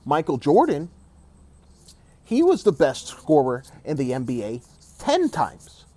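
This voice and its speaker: Guy ranting hard about sports, super animated pitch, keeps calling you dog, dry close sound. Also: unhurried, dry recording. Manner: emphatic, repetitive, keeps saying "dog". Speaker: sports commentator. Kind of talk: opinionated sports rant.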